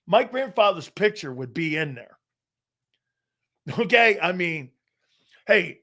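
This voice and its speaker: A high-voiced, middle-aged man from Connecticut hosts live sports talk, telling his own stories in a lively, forceful way. Swearing comes freely.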